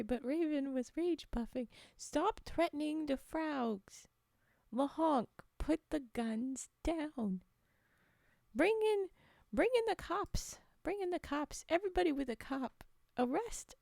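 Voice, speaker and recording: A woman streamer chatting playfully with viewers during an ASMR stream, soft-spoken, often dropping to a whisper, and giggling a lot. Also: high voice, vocal fry, no room sound, studio quality.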